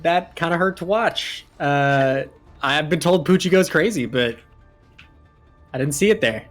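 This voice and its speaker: A male esports analyst with a slightly high voice who gives dry, deadpan verdicts. Faint music plays under his commentary. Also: unhurried. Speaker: co-caster analyst.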